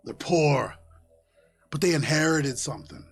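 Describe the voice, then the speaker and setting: A man's voice: a little high, a little slow, breathy edge. A man playing a sneering, menacing male gang boss who mocks newcomers. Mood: mocking. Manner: mocking, menacing.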